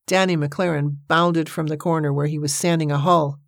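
An audiobook narrator, a woman with a low voice, reads a novel in a measured, even storytelling style. The scripted narration has studio quality with no echo.

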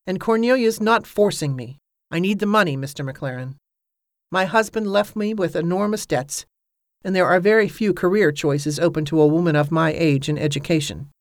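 A reader voicing Evangeline, an anxious, proud widow who speaks earnestly and answers back sharply. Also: female voice, lowish voice, normal speed, no echo, clean studio sound, close to an everyday voice. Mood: defiant. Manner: earnest, pleading then sharp. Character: anxious, proud widow facing a dangerous venture.

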